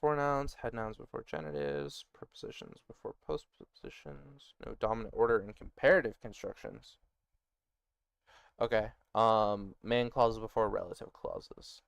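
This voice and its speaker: A man building a made-up language, thinking aloud as he works and reading notes aloud in quick bursts, muttering and poking fun at himself. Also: lowish voice, expressive, creaky, smooth, no room sound. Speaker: worldbuilder designing a conlang. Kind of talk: thinking aloud while working on screen.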